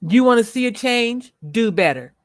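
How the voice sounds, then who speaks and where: A woman hosting a livestream, speaking bluntly and with profanity as she rants at viewers, slowing down to stress her words. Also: a little high, lively intonation, dry recording, studio quality. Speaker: livestream host. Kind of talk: unscripted livestream commentary.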